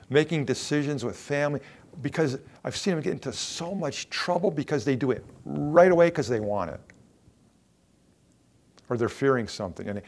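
A man preaching a sermon, earnest, repeating key phrases for emphasis and swinging between quiet and emphatic delivery. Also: a little high. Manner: earnest, repetitive emphasis, rising and falling in intensity.

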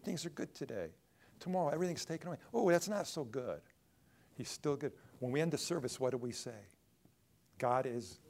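A man preaching a sermon in a church, swinging between loud emphatic lines and hushed ones. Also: mid-range voice. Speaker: pastor.

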